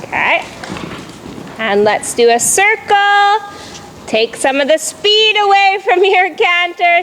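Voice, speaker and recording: A woman's voice: extremely high pitch, expressive, slow, fairly bright tone, a little hiss or hum, poor audio. A woman riding instructor coaching a jumping lesson, calling out cues and explaining in an encouraging, instructive way.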